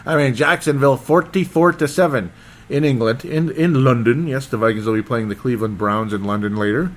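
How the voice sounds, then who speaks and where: Rambling, excitable football podcast man. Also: mid-range voice, fairly quick, a little hiss or hum. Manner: rambling, excitable, loses his train of thought. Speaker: sports podcast host. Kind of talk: casual football recap.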